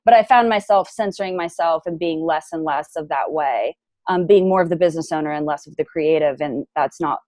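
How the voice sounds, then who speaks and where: Frank, low-voiced woman guest. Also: a little fast, no echo. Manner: frank and lively, plays devil's advocate. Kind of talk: casual interview chat.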